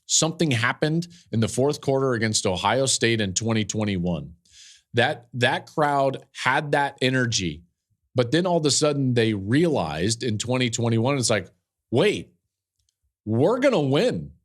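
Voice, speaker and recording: A man in his forties hosting a sports podcast, telling a game story with animated, emphatic energy and frequent restarts. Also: mid-range voice, moderate pace. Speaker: podcast host and football analyst. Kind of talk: casual sports podcast talk.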